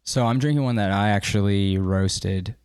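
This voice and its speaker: A man's voice: lowish voice, moderate pace, a little mellow, clear, resonant tone, dry recording, studio quality. A man in his thirties hosting a podcast, chatting loosely and swearing now and then. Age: 30s. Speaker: podcast host. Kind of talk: casual chat.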